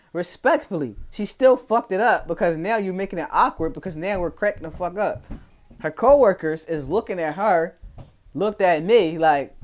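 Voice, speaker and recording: A young man with a Philadelphia accent telling a casual, profane, slang-heavy story to his followers. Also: high voice. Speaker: vlogger.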